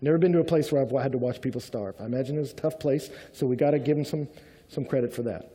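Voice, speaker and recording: A man preaching a sermon in a conversational, animated way, acting out the voices he quotes with humor. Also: mid-range voice, fast talker. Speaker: pastor. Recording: long hall reverb.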